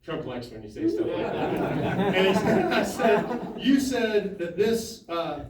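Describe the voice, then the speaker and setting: A man at a town hall, telling an animated story full of quoted dialogue and laughter. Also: a little high. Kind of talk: storytelling to an audience. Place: town hall meeting room. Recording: echoey hall from a distance.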